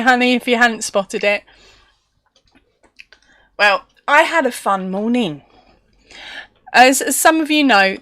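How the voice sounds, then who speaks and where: A woman's voice: a little high, a bit bright, dry recording, studio quality. An English woman hosting a crochet live stream from home, chatting casually, laughing often and reading viewer comments aloud.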